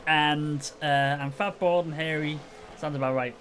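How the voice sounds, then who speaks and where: A Northern Irish man talks casually on a live stream in the small hours, tired and rambling, laughing at himself. His voice sits a little high for a man, with a faint hiss of noise behind it. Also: steady tone, measured pace. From Northern Ireland. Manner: rambling, self-mocking, chuckling.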